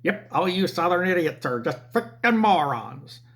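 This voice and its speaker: A man's voice: high-pitched, sing-song, a little slow, fairly bright tone, voice pushed up, heavily acted. A man mimicking a brash insulting Jersey customer. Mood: abusive. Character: rude loudmouthed male customer from New Jersey.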